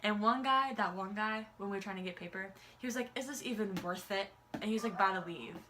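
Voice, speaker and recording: A woman's voice: medium pitch, fast talker, noisy background. A young woman vlogger telling a story in casual, rambling chat, using "like" constantly. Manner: chatty, rambling, heavy use of "like".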